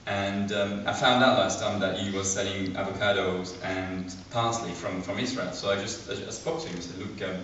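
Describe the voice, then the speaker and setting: A man speaks from the floor at a book launch, slightly low in pitch and stumbling through his stories with many fillers and restarts. The recording is lo-fi and picked up from a distance in a very echoey room. A faint hum of room noise sits underneath. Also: fairly even intonation, normal speed, hardly any pauses, a bit bright. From France. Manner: hesitant, full of fillers and restarts. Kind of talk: anecdotal public talk. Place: large echoey room at a public event. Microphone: distant room mic. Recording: echoey, lo-fi, from far off.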